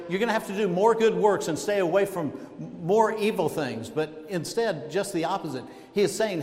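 Pastor, man, preaching with emphasis and pauses; long church reverb, voice a bit high. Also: a little mellow. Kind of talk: sermon. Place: church sanctuary. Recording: echoey hall with long reverb.

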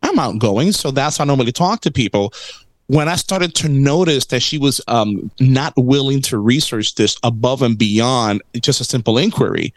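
A man in casual conversation, recounting a story with lots of energy. His pitch sits in a middle register and jumps up when he acts out other people. The sound is close and dry. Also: normal speed, dry recording. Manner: animated storyteller, acts out quotes. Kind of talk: casual chat.

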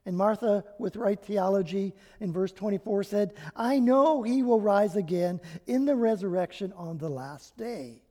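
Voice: medium pitch, animated, measured pace, hardly any pauses, mellow. A pastor preaching a sermon, reading scripture aloud with dramatic emphasis and speaking in a personal, reflective way. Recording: long hall reverb.

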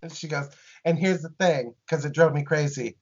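A woman's voice: low-pitched, moderate pace, darkish tone, husky. A woman co-hosting a podcast, chatting casually and emphatically as she recaps a TV episode. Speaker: podcast co-host. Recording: dull lo-fi sound.

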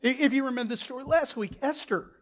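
A male pastor preaching a sermon with animated delivery. He breaks into loud bursts and acts out quotes. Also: very high voice, fast.

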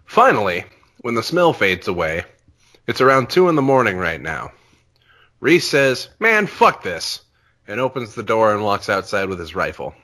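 A man's voice: fairly low pitch, very animated, moderate pace, bright, forceful tone. A man on a podcast reading a horror story aloud, swearing and slipping in and out of a put-on accent. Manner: profane, trying out a reading accent. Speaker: podcast co-host.

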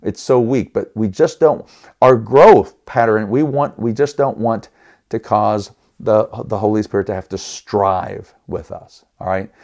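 Male podcast Bible teacher, slightly low voice, earnest and emphatic, stumbles and restarts phrases, talks straight to listeners. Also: a little slow, darkish tone. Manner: earnest, emphatic, stops and restarts words often; appeals to listeners with rhetorical questions.

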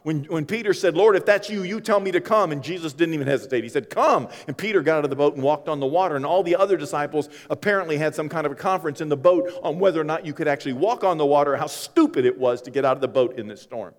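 A man preaching a sermon, swinging from loud acted-out quotes to hushed asides. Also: a little high, racing, few pauses. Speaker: pastor. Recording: long reverb of a large hall.

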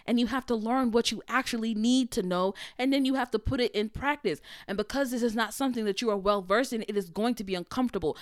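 A woman's voice: on the high side, no echo, clean studio sound. A woman hosting her own podcast, talking freestyle in a blunt, heated, profane monologue. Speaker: podcast host.

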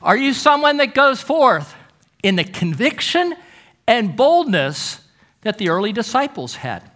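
Male preacher, middle-aged, high bright voice, storytelling sermon, emphatic pauses. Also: big pitch swings.

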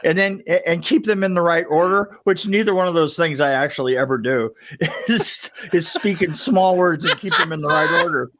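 A middle-aged man appears as a podcast guest, rambling through a casual story, stammering into restarts and laughing at himself. His voice sits on the high side with a fairly bright tone, moving at normal speed. There's a little hiss or hum in the recording.

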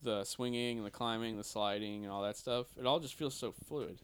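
A man's voice: medium pitch, brisk, a little hiss or hum. A man hosting a casual podcast chat, asking questions and laughing often. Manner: leads the talk, asks questions, laughs often. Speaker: podcast host.

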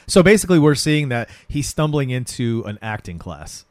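A man's voice: mid-range voice, moderate pace, dry recording. Guy recapping a tv episode, acts out the lines, dry close sound. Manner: animated retelling with acted quotes. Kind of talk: casual chat recapping a TV episode.

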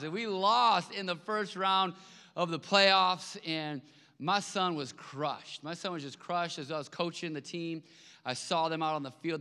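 A man preaches in a conversational, animated style, pushing some lines out loud and dropping others to a hush. His voice is bright and forceful, sitting a little high for a man. The sound carries the long reverb of a church hall. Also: clear, resonant tone. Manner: conversational, animated, swings between loud emphasis and soft storytelling. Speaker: pastor. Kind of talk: sermon. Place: church sanctuary.

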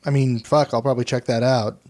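A man's voice: medium pitch, level tone, a little fast, a little mellow. A man co-hosting a podcast, chiming in with dry, short reactions in casual chat. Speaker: podcast co-host.

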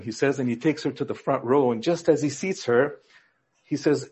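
A man preaching a sermon, telling jokes in a storytelling way and acting out the quoted characters with rises in pitch. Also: fairly quick, a little mellow, slightly rough. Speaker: pastor.

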